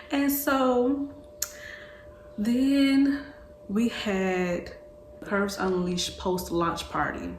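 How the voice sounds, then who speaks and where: A woman in her twenties telling a personal story casually, slangy and animated, often repeating herself. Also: mid-range voice, drawn-out words, long pauses, a little hiss or hum. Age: 20s. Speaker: vlogger. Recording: echoey room with faint ambience.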